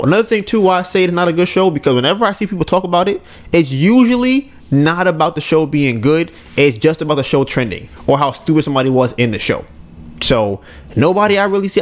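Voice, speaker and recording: A man co-hosting a casual podcast, speaking in a laid-back, fairly monotone way and rambling, correcting himself and swearing as he goes. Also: fairly high pitch. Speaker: podcast co-host.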